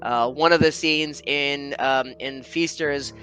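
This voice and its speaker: Friendly male author with a bright voice. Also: a little high, steady tone, takes it slowly, poor audio. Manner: friendly, laughs often, many fillers. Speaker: author guest. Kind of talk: casual interview chat.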